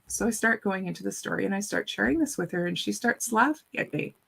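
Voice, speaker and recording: Chatty woman with a gravelly edge. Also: medium pitch, fast, few pauses. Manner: animated, repeats words when starting sentences. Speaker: guest speaker. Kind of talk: storytelling in a casual chat.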